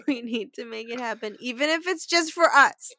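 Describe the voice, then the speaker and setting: A woman co-hosting a podcast, chatting in an excitable, giggly way. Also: a little high, moderate pace. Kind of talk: casual chat.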